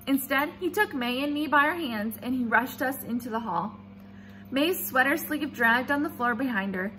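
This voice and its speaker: A woman reads a children's chapter book aloud with expressive, animated storytelling. Her voice sits high and bounces through a wide range. The tone is bright and clear. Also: normal speed, slight background noise. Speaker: reader.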